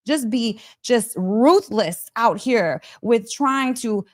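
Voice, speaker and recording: A young adult woman telling a personal story to camera in a casual vlog, animated and laughing often. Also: fairly high pitch, slow pace. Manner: animated, laughs often, acts out quoted voices. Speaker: vlogger.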